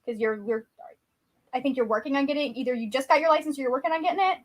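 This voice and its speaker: A woman co-hosting a livestream in animated casual chat, laughing a lot and reassuring the host. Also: high-pitched, racing.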